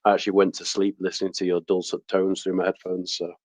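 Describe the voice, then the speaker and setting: A man's voice: low voice, monotone, quick pace, noisy background. A tired man joining a casual podcast chat as a guest, laid-back and easygoing.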